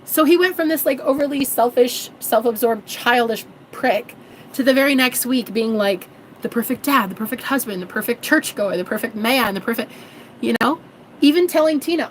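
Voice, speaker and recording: A woman's voice: on the high side, normal speed, a little hiss or hum, low-quality recording. A woman in her thirties, a manifestation coach, talking in a sassy, preachy way and calling viewers girl and honey. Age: 30s. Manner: swears freely. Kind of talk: casual vlog monologue.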